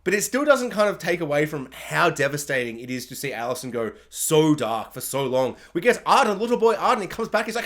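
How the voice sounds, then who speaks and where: A man casually reviewing a TV season, excitable and quick to slip into silly voices when he quotes characters. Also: a little high.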